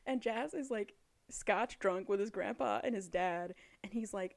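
A woman co-hosting a casual chat, retelling a story with quick quoted lines and frequent laughter. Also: mid-range voice, animated, vocal fry. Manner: chatty, laughs often, acts out lines of characters in passing. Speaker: podcast co-host recapping a book.

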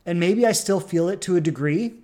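A relationship coach hosting a podcast, talking earnestly and repeating phrases for emphasis, with sudden loud bursts. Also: medium pitch, fairly quick. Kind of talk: podcast monologue.

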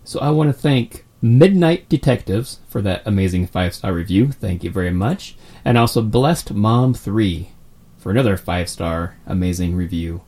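A man's voice: lowish voice, expressive, moderate pace, a little mellow. A young man hosting a casual podcast, joking loosely and rambling between announcements. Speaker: podcast host.

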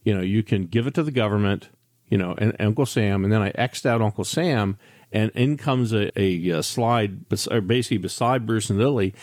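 A man's voice: fairly low pitch, a little fast, darkish tone, no room sound, studio quality. An older man hosting a financial radio show, telling frank stories in a candid, chatty way with many restarts. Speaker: financial advisor radio host. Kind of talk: radio talk monologue.

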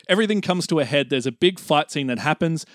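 A man on a podcast, telling an absurd movie plot in a playful, storytelling manner and acting out quick lines. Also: a little high, lively intonation, fairly bright tone, no room sound, studio quality. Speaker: podcast co-host pitching a film plot. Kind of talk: casual chat.

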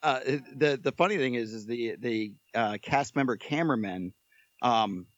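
A man's voice: mid-range voice, normal speed, no room sound. A man telling a story, dry and dull. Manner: animated, joking storyteller. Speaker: podcast guest. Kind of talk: casual storytelling.

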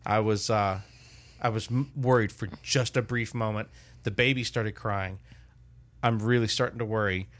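An older man in casual chat, telling a lively family story as podcast host. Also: on the low side, moderate pace. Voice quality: animated storyteller, loud put-on shouts in quotes.

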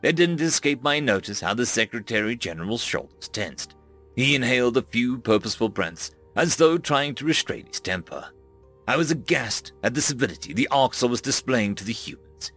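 A man narrating a first-person science-fiction story with dramatic, expressive delivery. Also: medium pitch, moderate pace, faint music behind.

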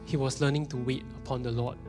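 A man's voice: medium pitch, fast talker, music in the background. A man in his thirties with a Singaporean English accent, preaching a sermon in a church and now and then dropping his voice to a whisper for emphasis. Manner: animated, drops into whispers for emphasis. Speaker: pastor. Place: church hall.

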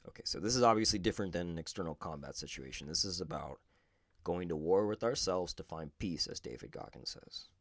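A man's voice: low-pitched, fairly quick, fairly bright tone, no room sound, studio quality. A man hosting a podcast, talking through spiritual ideas in a thoughtful, conversational way and sometimes correcting himself mid-sentence. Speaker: podcast host. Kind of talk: reflective podcast commentary.

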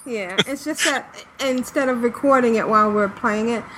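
A woman's voice: a little high, moderate pace, a loud crowd, poor audio. A woman hosting a casual gaming podcast, chatty and laughing with lots of fillers. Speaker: podcast host. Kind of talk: casual chat.

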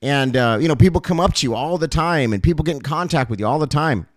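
A man's voice: fairly high pitch, animated, fast, no echo, studio quality. A male pastor giving a heartfelt address to his ministry's supporters, earnest and emotional, often repeating phrases and using fillers.

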